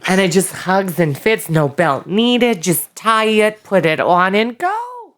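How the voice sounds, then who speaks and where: A man's voice: high voice, very animated, slow, fairly bright tone, voice pushed up, heavily acted. A man putting on a voice as a perky, busy suburban mom chattering like an infomercial.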